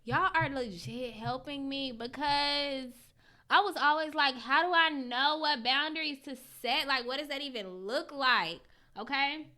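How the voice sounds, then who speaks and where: A woman's voice: high-pitched, measured pace, bright, forceful tone. A young woman hosting a casual livestream, reading out viewers' comments and answering them in slangy, candid talk. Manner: slangy and candid, swears freely; talks straight to viewers, greets them by name. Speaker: host reading live chat comments.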